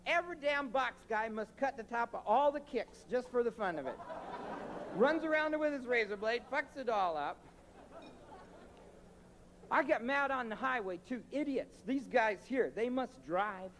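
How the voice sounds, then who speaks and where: A stand-up comedian with a strikingly high voice works a concert crowd in brash, profane rants. The live recording carries clear audience noise under his voice. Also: expressive, normal speed.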